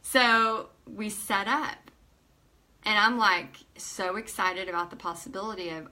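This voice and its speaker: Woman near 40, bright tone, emotional storytelling vlog, acts out quotes. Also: medium pitch, measured pace. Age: almost 40. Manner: emotional, animated retelling with acted-out quotes. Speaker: paint party instructor. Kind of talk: personal storytelling to camera.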